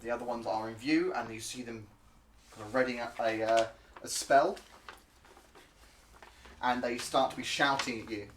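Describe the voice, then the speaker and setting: A man narrating as game master of a tabletop game, halting and full of filler words. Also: mid-range voice, steady tone, a little hiss or hum. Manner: halting, full of ums and uhs.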